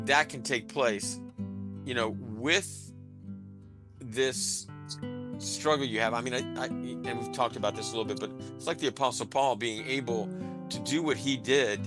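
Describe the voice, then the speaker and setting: A man hosting a podcast interview, speaking reflectively and slowly with restarts. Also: medium pitch, over music. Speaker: podcast host. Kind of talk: casual interview chat.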